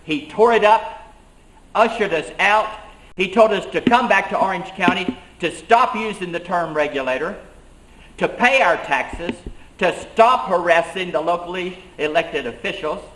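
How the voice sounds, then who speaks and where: Here a living-history reenactor takes on the role of an 18th-century schoolmaster turned colonial rebel leader, recounting events in first person and earnestly stressing his words. His voice is high-pitched, a bit bright, and slightly slow. Echo fills the room.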